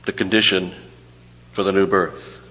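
Male pastor teaching Scripture verse by verse, slightly low voice, long church-hall echo. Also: flat delivery, a little slow, pushed and bright, muffled recording. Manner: teaching verse by verse, explaining grammar, repeats phrases for emphasis. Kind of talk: expository sermon.

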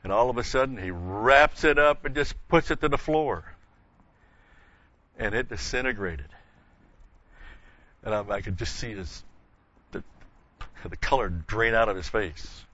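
A man's voice: lowish voice, animated, a little slow, pauses often, fairly bright tone. Folksy older male Bible teacher. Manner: folksy, digressive storytelling with chuckles. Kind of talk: Bible study lecture. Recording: muffled lo-fi recording.

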